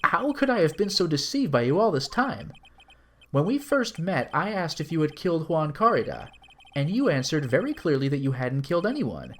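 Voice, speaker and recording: Dude reading a rattled young lawyer, stammers a bunch, voice jumps up when upset. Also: male voice, fairly high pitch, very animated, normal speed, slight background noise. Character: flustered, earnest young male defense lawyer.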